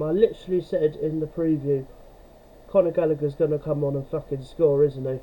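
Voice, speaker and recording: A man's voice: on the high side, steady tone, brisk, highs cut off, slight background noise. A young man vlogging about football, ranting angrily and swearing often. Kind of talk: angry fan rant to camera.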